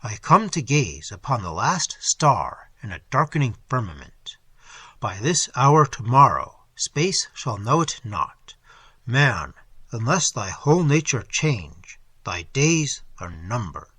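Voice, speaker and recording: Man reading an ominous foreign sage for a storybook: solemn, archaic speech, wide-ranging husky delivery. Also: medium pitch, sing-song, slow, bright, forceful tone, no echo, full character voice. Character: mysterious foreign male sage, deep-voiced, calm, ominous.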